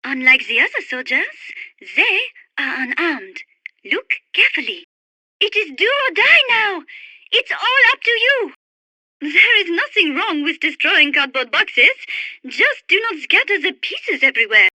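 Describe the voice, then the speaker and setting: Gentle French bird lover, high bright voice, dry game-radio read. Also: female voice, sing-song, measured pace, no room sound, full character voice. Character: refined young French woman birdwatcher, gentle and dreamy. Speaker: radio support character.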